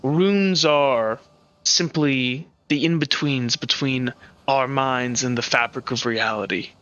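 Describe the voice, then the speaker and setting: A man voicing a haughty masked male spirit who speaks stiffly and formally, slow and measured. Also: mid-range voice, sharp tone, highs cut off, pitched below the performer's own voice. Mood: lecturing.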